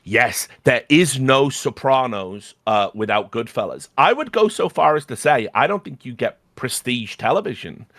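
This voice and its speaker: A man's voice: medium pitch, expressive, normal speed, few pauses, fairly bright tone, dry recording, clean studio sound. A man co-hosting a film podcast, talking casually with frequent hesitations and restarts. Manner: hesitant, with many fillers and restarts. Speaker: podcast co-host.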